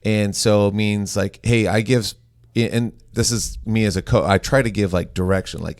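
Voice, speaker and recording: A man's voice: lowish voice, steady tone, normal speed, darkish tone, no echo, clean studio sound. A man hosting a podcast in casual, playful banter. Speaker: podcast host. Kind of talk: casual chat.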